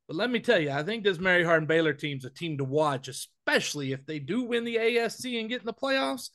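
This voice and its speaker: A man co-hosting a college football podcast, talking emphatically with quick restarts. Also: high voice, animated, fairly bright tone. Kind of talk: casual sports podcast chat.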